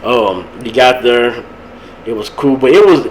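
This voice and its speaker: A young man, hosting a podcast and rambling about a local high school football game. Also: measured pace, slight background noise, low-quality recording. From Texas. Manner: rambling, animated, laughs at his own stories. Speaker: podcast host. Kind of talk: casual sports talk.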